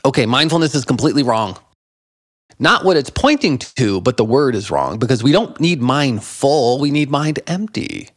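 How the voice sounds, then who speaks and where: A man in his fifties, a guest in an interview, telling animated stories about meditation and laughing often. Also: mid-range voice, normal speed, no echo, studio quality. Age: 50s. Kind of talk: conversational interview.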